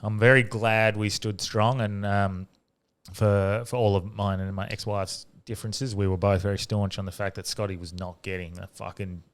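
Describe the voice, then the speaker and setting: An Australian man hosting a podcast, talking casually in a halting way with many fillers and restarts. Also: on the low side, little pitch movement. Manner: halting, full of fillers and restarts, laughs often. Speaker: podcast host. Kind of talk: casual chat.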